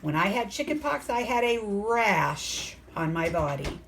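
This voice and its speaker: A woman teaching a phonics lesson to young children, sounding out letters slowly and asking the class coaxing questions. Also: medium pitch, very animated, slight background noise. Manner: slow, sounds out letters and words.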